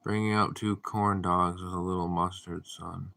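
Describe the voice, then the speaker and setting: A man hosting a casual livestream, reading viewer comments aloud and answering them in a deadpan, drowsy way. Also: low voice, moderate pace, gravelly. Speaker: livestream host.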